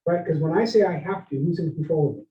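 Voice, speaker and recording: A man giving a leadership workshop, energetic and interactive, often asking his listeners questions and tagging lines with "right?". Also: fairly high pitch, quick pace. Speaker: leadership speaker. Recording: roomy, dull lo-fi sound.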